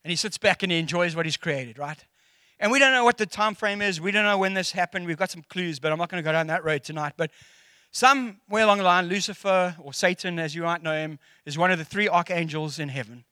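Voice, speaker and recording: Middle-aged South African man, bright and high for a man, close dry sound, preaches a casual sermon with jokes and acted-out quotes. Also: fast, few pauses, smooth, no room sound. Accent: South African English. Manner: animated and jokey, acting out quotes.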